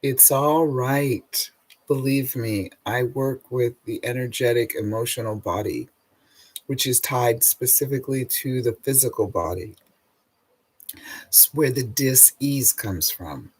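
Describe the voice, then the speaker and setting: Husky middle-aged guy, healer vlog, drags his words out slow and heartfelt. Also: medium pitch, poor audio. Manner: slow, emotive, drawn-out and earnest. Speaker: energy healer. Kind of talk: spiritual self-help talk.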